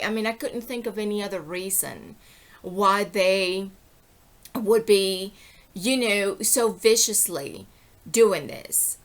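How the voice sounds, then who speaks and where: A woman's voice: mid-range voice, slow pace, fairly bright tone. A middle-aged woman giving an impassioned, rambling personal monologue, indignant and often breaking off to ask "okay?". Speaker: vlogger.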